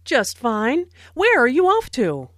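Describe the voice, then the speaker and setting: A woman's voice: high voice, very animated, slow pace, a bit bright, no echo, studio quality, full character voice. A woman reading the part of a cheerful young woman greeting a friend in a scripted language-lesson dialogue, with a friendly, sing-song delivery.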